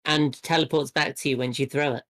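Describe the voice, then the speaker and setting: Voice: mid-range voice, fairly even intonation, brisk, a bit bright. A player in a tabletop game who talks casually and rambles through their plans.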